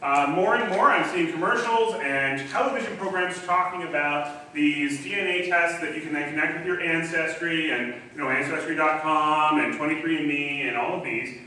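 A male pastor gives a relaxed, conversational sermon with a bright, forceful tone and a fairly high voice. He talks loosely, full of ums and false starts. The sound is very echoey and picked up from a distance in a church hall, with faint hiss behind. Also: normal speed, few pauses. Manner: casual, chatty, frequent ums and restarts. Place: church sanctuary.

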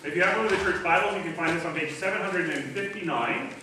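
A man's voice: sits high, fast, background noise. A man preaching a sermon as pastor in a church, teaching in a conversational way with some fillers. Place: church sanctuary. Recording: echoey hall, distant mic.

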